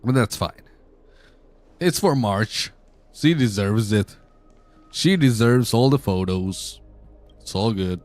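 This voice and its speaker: A man's voice: on the low side, lively intonation, slow pace, pauses often, darkish tone, no echo, faint music behind. A man playing a story game live, chatting to his viewers in a joking, irreverent and rambling way. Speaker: streamer. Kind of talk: casual game commentary.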